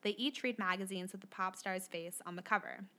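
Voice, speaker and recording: A woman narrating stage directions in a soft, low-key, scripted way. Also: brisk.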